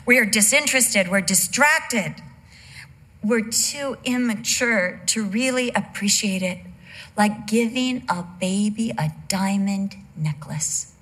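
An older woman preaching a sermon in an animated way, telling family stories and acting out the voices of the people in them. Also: mid-range voice. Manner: animated, acts out voices, dramatic pauses. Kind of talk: sermon with storytelling.

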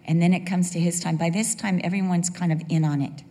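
An older woman preaching a sermon and telling a personal story in an animated way, acting out the voices of the people in it. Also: on the low side, fast, hardly any pauses. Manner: animated storyteller who acts out quoted voices. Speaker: speaker at a church gathering. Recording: reverberant hall.

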